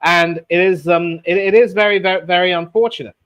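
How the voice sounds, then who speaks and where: Guy running a sports chat show, bit high voice, animated, lots of ums. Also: brisk, clear, resonant tone. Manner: animated, with many fillers and restarts.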